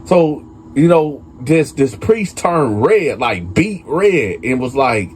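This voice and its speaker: A man's voice: medium pitch, sing-song, takes it slowly. A man telling a prison story to his viewers in a loose, conversational way, full of fillers and asides. His voice sits in an average range. A faint hiss of noise sits under it. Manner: conversational, addresses viewers as y'all, many fillers. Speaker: storyteller host.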